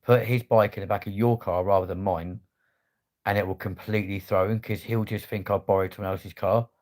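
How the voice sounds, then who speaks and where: A man's voice: lowish voice, steady tone, a little fast, darkish tone. A man chatting casually on a livestream, swearing freely in laddish banter. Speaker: livestream host.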